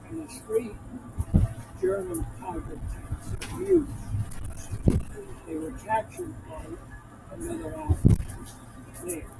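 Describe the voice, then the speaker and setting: A man in his nineties, a war veteran, telling stories emphatically and repeating key phrases, with loud background noise. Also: very high-pitched, vocal fry. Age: 90s. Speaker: WWII veteran guest. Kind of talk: storytelling interview.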